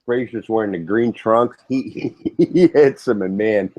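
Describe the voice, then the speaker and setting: Man, low voice, relaxed chat, dry sarcasm, muffled dry audio. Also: measured pace, dry recording. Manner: laid-back, dry and sarcastic. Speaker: guest. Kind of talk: casual chat.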